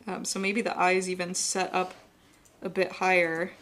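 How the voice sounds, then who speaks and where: An art instructor with a fairly low voice runs a live drawing demonstration, speaking at normal speed. She keeps it relaxed and chatty as she works, guiding viewers through each step in a teacher's tone.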